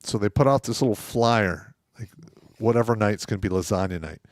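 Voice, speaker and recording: A man co-hosting a casual podcast, telling profane war stories with loud outbursts. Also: lowish voice, brisk, dry recording, studio quality. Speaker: co-host; former first sergeant.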